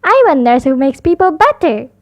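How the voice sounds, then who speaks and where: A woman's voice: high voice, very animated, normal speed. A woman voicing a sweet, earnest little girl lamb from a storybook.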